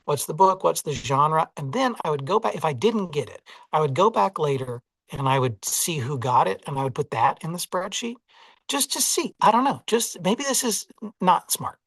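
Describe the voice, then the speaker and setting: Relaxed and reflective, a Southern-accented audiobook narrator chats as a guest in a casual interview, hedging, laughing at himself, and saying "like" and "you know" a lot. His voice runs on the high side at normal speed with a breathy edge, and the recording is dry and close with no room behind him.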